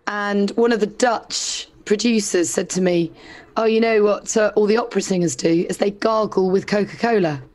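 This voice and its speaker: A woman, co-hosting a casual podcast chat, her voice hoarse and gravelly as it recovers, chatty and quick to laugh. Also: medium pitch, a little mellow. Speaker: podcast co-host and broadcaster.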